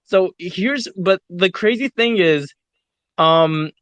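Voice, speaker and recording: A man's voice: high voice, slow, clear, resonant tone, no room sound. A man telling a long story in a casual online voice chat, rambling and swearing as he talks. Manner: rambling, heavy swearing, animated retelling. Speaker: audio chat participant.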